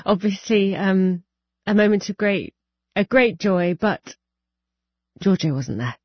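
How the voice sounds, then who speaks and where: A woman interviewing a guest, gently restarting her questions as she goes. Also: medium pitch, expressive, unhurried, no echo, lo-fi sound.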